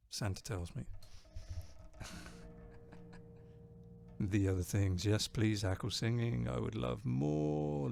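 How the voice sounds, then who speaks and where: A man playing bass on a live stream, chatting casually, reading viewer comments and joking at his own expense. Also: creaky, darkish tone. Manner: chatty, self-deprecating, laughs often.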